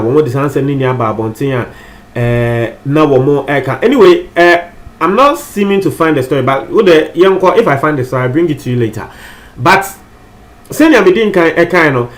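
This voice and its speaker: A man's voice: on the high side, fairly bright tone. A Ghanaian man presenting entertainment news in a chatty, casual way, switching between languages and repeating phrases for emphasis.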